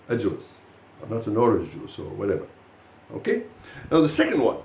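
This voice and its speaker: Lively encouraging male English teacher. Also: mid-range voice, normal speed, gravelly, roomy sound. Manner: encouraging, lively praise of students. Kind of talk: live classroom pronunciation lesson.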